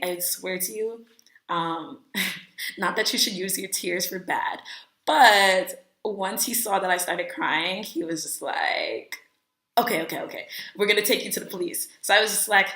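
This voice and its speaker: A woman's voice: on the low side, echoey room. Chatty young woman telling a storytime. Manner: animated, chatty, many "like" fillers, acts out quotes. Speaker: vlogger telling a travel story. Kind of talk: casual storytime.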